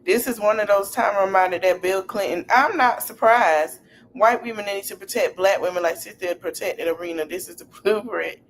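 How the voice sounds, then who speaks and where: A woman hosting a casual podcast stream, talking in an animated, slangy way and repeating her phrases. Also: mid-range voice, fairly quick, hardly any pauses, slight background noise. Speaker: podcast host.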